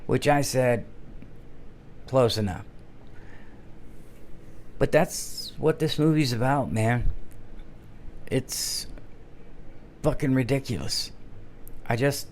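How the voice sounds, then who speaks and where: Heated man ranting, slowing for emphasis. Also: mid-range voice, darkish tone, slight background noise. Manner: heated, emphatic, slows to stress words. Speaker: commentary channel host. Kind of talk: casual opinion rant.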